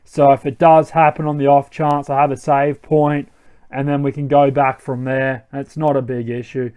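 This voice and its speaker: A man's voice: mid-range voice, flat delivery, normal speed, darkish tone, clear, resonant tone. A man hosting a let's play, giving casual gameplay commentary and thinking aloud with rambling self-corrections.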